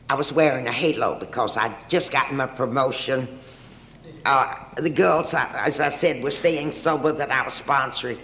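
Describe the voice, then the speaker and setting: A woman's voice: extremely low pitch, a bit bright, slight background noise. An older woman with a drawl shares her personal story at a recovery meeting. Her humor is dry and self-mocking, and her voice rings around an echoey room.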